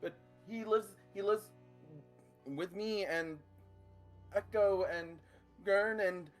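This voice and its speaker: A tabletop player voicing Rory, an anxious young man who pleads in a high, flustered voice. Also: slow, soft background music, lightly acted. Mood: pleading.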